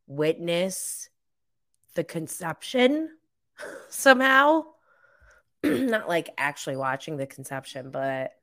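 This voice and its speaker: A woman hosting a casual recap podcast, rambling and giggling between thoughts. Her voice sits a little low and sounds smooth and clear. She takes her time with every phrase. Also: pushed and bright. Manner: chatty, giggly, rambling with fillers. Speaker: podcast host. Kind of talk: casual live recap chat.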